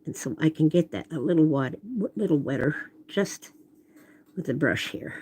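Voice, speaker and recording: A woman with a low, husky, slightly mellow voice talks at a moderate pace while hosting a live watercolor demo from her home workspace. She chats casually as she paints, often interrupting herself to apologize or remark on her setup. The audio comes through a phone camera.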